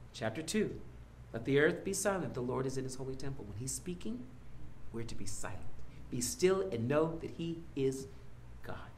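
A man preaching a sermon as a rabbi, teaching and reading quotations while swinging from loud to soft. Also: on the high side, reverberant.

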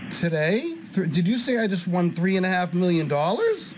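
A man making a prank call to a scammer, playing naive with halting, stammering speech. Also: high voice, big pitch swings, background noise. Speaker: scambaiter caller. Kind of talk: prank phone call and commentary.

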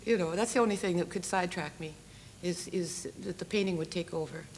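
A Canadian woman in her forties, a singer guesting on a TV chat show, answering in a relaxed, hesitant, wry way. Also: on the low side, fairly quick, slight background noise. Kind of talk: TV interview.

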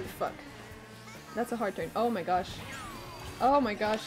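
A woman streamer giving live commentary as she plays, excitable, swearing and shrieking when things get fast. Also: medium pitch, faint music behind. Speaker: gaming streamer.

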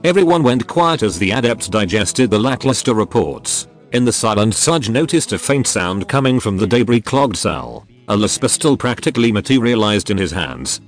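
Deep-ish synthetic male narrator, steady story reading. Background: faint background music.

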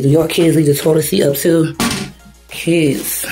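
A woman's voice: low voice, flat delivery, unhurried, music in the background. A woman, chatting casually to her viewers while vlogging at home, calling them y'all. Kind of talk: casual chat to camera.

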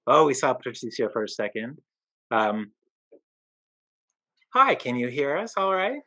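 A man's voice: medium pitch, big pitch swings, unhurried, sharp tone. A man hosting a webinar over a video call, welcoming and introducing his guests with occasional fillers. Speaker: event host.

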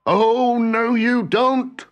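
A man's voice: mid-range voice, very animated, measured pace, clean tone. A man voicing a hapless, flustered husband in a storybook reading, wailing and self-pitying. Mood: hasty.

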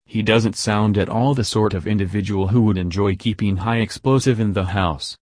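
A man reading the lines of a poised, worldly woman who teases and probes her young friend in a measured way. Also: fairly low pitch, fairly even intonation, a little mellow, no room sound, studio quality, natural voice. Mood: probing.

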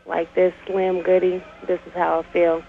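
Woman caller, monotone, tinny gritty phone line, halting and tender. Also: on the low side, vocal fry, slight background noise.

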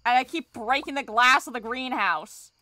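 A woman's voice: on the high side, normal speed, pushed and bright, no room sound. A woman streaming a farming game, rambling in casual commentary, mocking herself and swearing freely.

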